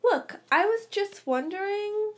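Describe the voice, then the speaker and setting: A shy, nervous teenage schoolboy, voiced by a woman reading a story, high and hesitant, tripping over his words. He stammers and restarts in a timid storybook voice. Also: lively intonation, takes it slowly, full character voice.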